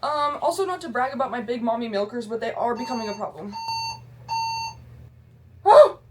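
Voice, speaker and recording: A woman with a fairly high voice talks fast against background noise. She's vlogging casually and chattily, bubbly and self-deprecating, rambling along with plenty of slang and free swearing.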